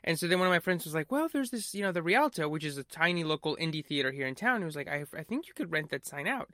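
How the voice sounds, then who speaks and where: A man's voice: on the high side, sing-song, fast, bright, forceful tone, no echo, studio quality. A young man hosting a podcast, telling a long story casually with lots of fillers and acted-out quotes. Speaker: podcast host.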